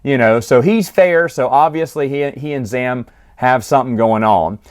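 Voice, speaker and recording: A man's voice: medium pitch, moderate pace, smooth. Chatty man recapping a book. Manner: chatty, amused, acts out quotes. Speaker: book reviewer.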